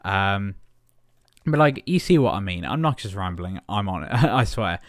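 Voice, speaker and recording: A gaming channel host, a young man with a lowish, animated voice, chats casually at normal speed while building in Minecraft. He rambles with lots of fillers and little chuckles. The recording is studio quality with no room sound.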